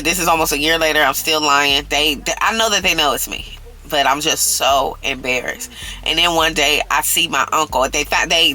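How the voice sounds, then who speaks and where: A man's voice: high voice, sharp tone, low-quality recording. A man in his thirties telling a confessional storytime vlog, earnest and emotional, often checking in with "okay?". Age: 30s. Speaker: vlogger.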